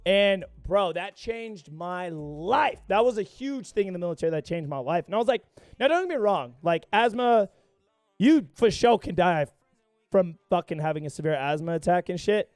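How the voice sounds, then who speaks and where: A man's voice: sits high, animated, a little fast, a little mellow, clean tone, no room sound, studio quality, faint music behind. A young man streaming live, chatting casually with viewers and telling a rambling story full of profanity. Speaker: gaming livestreamer.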